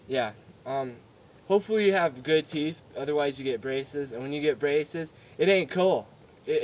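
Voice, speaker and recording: A young man rambles through a story for his vlog, giggling and tripping over fillers and restarts. His voice sits a little high for a man, and the telling stays loose and chatty. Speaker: vlogger.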